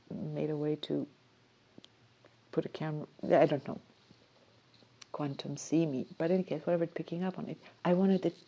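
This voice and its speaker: A woman hosts a casual solo talk, speaking softly and dreamily as she rambles through her thoughts. Her voice is mellow and warm, sitting a little low, and she often breaks off to restart a sentence. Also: vocal fry. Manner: dreamy, rambling, soft-spoken with self-interruptions. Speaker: host. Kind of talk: casual musing monologue.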